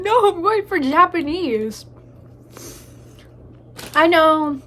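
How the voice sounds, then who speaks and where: A woman's voice: very high-pitched, animated, takes it slowly, fairly bright tone. A young woman in a casual eating vlog, joking and crude, chatting between bites with a stuffy nose from allergies. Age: young adult. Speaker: vlogger. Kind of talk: casual mukbang chat.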